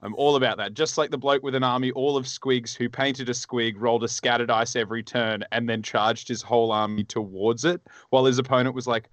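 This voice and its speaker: A man's voice: medium pitch, fairly even intonation, a little fast, hardly any pauses, fairly bright tone, no room sound. A rambling, foul-mouthed man from Australia talks in loose, casual chat. His voice is recorded close and dry, with no room sound at all. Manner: rambling, profane, teasing. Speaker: podcast co-host.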